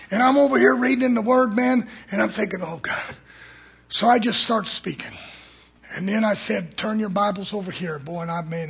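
Preacher guy, gravelly and tense, yelling then dropping low in church. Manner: fiery preaching that swings from shouts to low murmurs. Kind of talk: fiery sermon.

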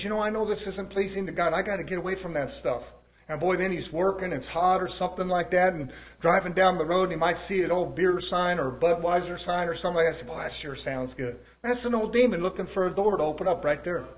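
A man preaching a sermon in a folksy way, his volume rising and falling. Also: on the high side.

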